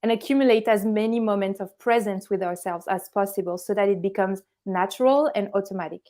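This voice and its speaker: Young woman, calm teacher voice, interview guest, mid pitch. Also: a little fast. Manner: calm, instructive, gives everyday examples. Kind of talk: explanatory conversation.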